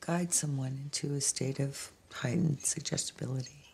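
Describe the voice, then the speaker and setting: An actress playing a calm middle-aged hypnotist in a film clip, speaking in a hushed, breathy whisper. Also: female voice, a bass voice, normal speed. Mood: hypnotic. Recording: faint noisy film clip from far off.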